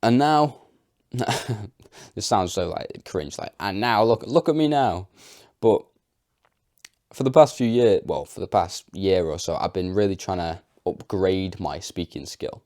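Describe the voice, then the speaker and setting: A man's voice: low voice, expressive, unhurried, a little mellow, no echo, studio quality. A young man telling a personal story to camera, unscripted and chatty, with lots of fillers. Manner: chatty, filler-heavy, self-deprecating. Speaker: vlogger.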